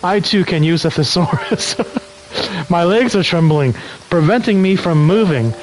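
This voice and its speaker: A man's voice: high-pitched, animated, unhurried, faint music behind, poor audio. A man streaming a game, casually joking, swearing, and laughing often while reading game text aloud. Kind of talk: casual livestream gaming chat.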